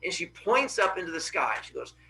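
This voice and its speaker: A man's voice: high-pitched, sing-song, fairly quick, sharp tone, slight background noise, low-quality recording. A male teacher in a classroom retelling a Greek myth in a casual, joking, slangy way and answering students.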